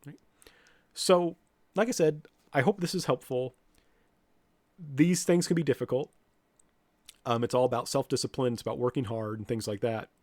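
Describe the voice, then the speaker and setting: A man's voice: medium pitch, normal speed, long pauses, no room sound. A man, a professor, lecturing students bluntly and directly, now and then acting out what people say. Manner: blunt, direct, with lively mock-quotes.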